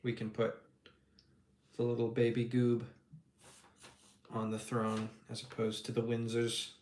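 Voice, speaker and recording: A man's voice: medium pitch, monotone, measured pace, darkish tone. A man casually chatting on a livestream while painting miniatures, jokey and rambling, laughing often. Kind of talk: casual chat. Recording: echoey room with faint noise.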